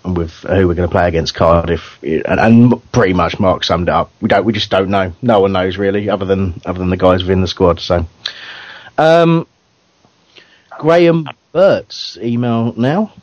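A man's voice: low voice, normal speed, dry recording. A man hosting a fan radio show in casual banter, chatty and self-deprecating, laughing often. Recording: dull, dry lo-fi recording.

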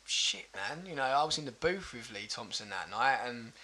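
A man's voice: medium pitch, expressive, moderate pace, bright, forceful tone. A man co-hosting a podcast in casual chat, chatty and often laughing along.

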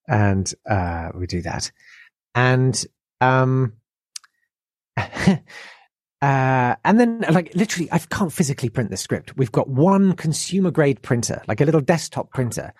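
A man on a podcast, telling an animated anecdote in casual chat and acting out the people he quotes. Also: medium pitch, measured pace, pauses often, no room sound, studio quality. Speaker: podcast guest.

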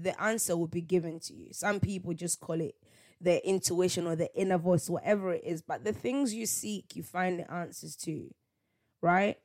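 Woman, lowish voice, reflective solo podcast host who talks things through with rhetorical questions. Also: moderate pace, a little mellow. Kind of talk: solo faith podcast monologue.

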